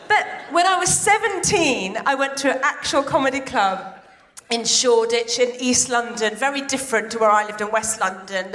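A middle-aged woman from Iran doing a stand-up comedy set on a large theatre stage, chatty and excitable with quick asides. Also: high voice, slight background noise.

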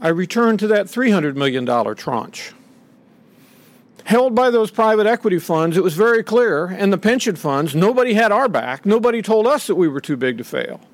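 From a podium, a middle-aged man gives an impassioned, indignant public speech, very animated and at normal speed, in a dry recording. He acts out the voices he quotes, his pitch rising as he does.

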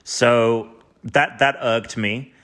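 A man's voice: mid-range voice, fairly even intonation, drawn-out words, a bit bright. A man hosting a podcast, reading from his notes and giving wry, casual movie commentary with some swearing. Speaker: podcast host. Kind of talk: casual movie review chat.

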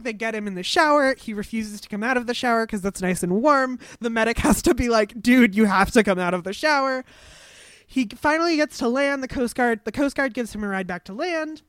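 A woman's voice: fairly high pitch, lively intonation, normal speed, no echo, studio quality. A woman chatting as a podcast co-host, telling stories with wry asides. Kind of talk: casual podcast chat.

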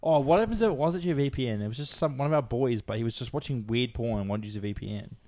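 A man's voice: medium pitch, quick pace, mellow, dry recording. A young Australian man co-hosting a casual podcast in a lounge room, joking and swearing a lot. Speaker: podcast co-host. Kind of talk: casual chat.

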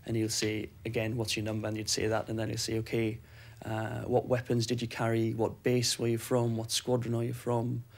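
A man recounting a personal ordeal in measured, even testimony. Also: mid-range voice, gravelly. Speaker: interviewee recalling captivity.

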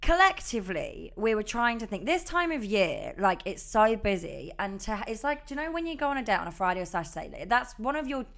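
A woman, co-hosting a podcast in casual chat, talking in animated bursts with many restarts. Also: medium pitch, brisk, vocal fry, few pauses. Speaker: podcast co-host.

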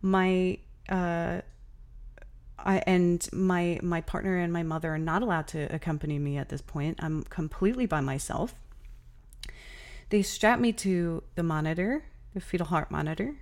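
A woman's voice: lowish voice, normal speed, darkish tone. A young woman hosting a podcast, candidly telling a personal story in a casual, exasperated way, with many fillers. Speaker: podcast host.

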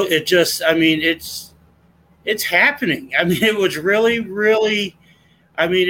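High-voiced earnest middle-aged man. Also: sharp tone, a little hiss or hum, low-quality recording. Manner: earnest, impassioned, rambling. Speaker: guest sharing a testimony. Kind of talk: casual conversation.

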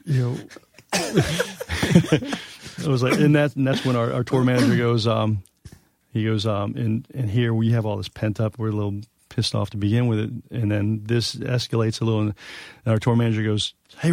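A man's voice: mid-range voice, little pitch movement, fairly quick, gravelly, darkish tone, no room sound, clean studio sound. Profane rambling man telling tour stories. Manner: rambling, profane, many fillers. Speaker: guest musician. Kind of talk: casual storytelling.

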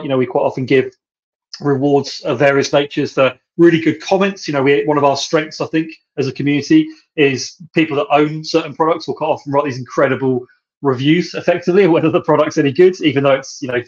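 A man hosts a podcast and talks fast, one thought running into the next. He leans on "you know" again and again. The sound is dull and muffled, like a lo-fi recording. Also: on the high side, a little mellow. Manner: rambling, lots of "you know". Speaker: podcast host. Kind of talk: podcast interview.

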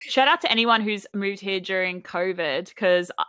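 A woman's voice: medium pitch, normal speed, bright, forceful tone, clean tone, dry recording. An Australian woman co-hosting a podcast, chatting casually and quoting people in a mocking tone. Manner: chatty, quotes others in a mocking voice. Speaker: podcast co-host. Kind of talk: casual chat.

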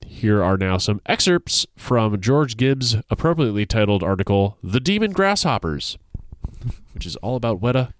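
A man's voice: on the low side, big pitch swings, normal speed. A man co-hosting a podcast, presenting a segment in a casual, playful way, laughing often and reading excerpts aloud. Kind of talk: casual chat.

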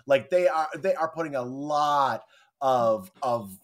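A woman's voice: rumbling low, slow. A woman co-hosting a podcast, chiming in with indignant, reactive commentary. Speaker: podcast co-host. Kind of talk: casual podcast chat.

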